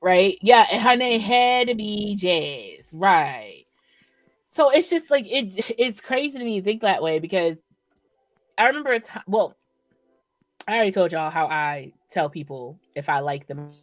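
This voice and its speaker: A woman's voice: mid-range voice, dry recording, soft background music. A female podcast co-host in casual chat, talking frankly and reacting with feeling. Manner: frank, expressive, quick to react.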